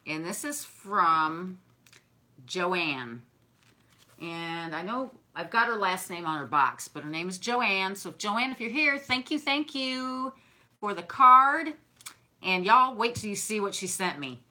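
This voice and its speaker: A woman's voice: medium pitch, expressive, takes it slowly, bright, forceful tone. A woman, chatting casually and effusively to her viewers while unboxing gifts they sent her. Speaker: craft and decor vlogger.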